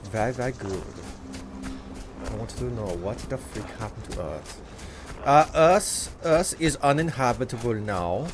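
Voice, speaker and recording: A man's voice: medium pitch, lively intonation, unhurried, noisy background. A man streaming a video game live, joking around and talking casually to his chat. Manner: joking, chatty, talks to chat.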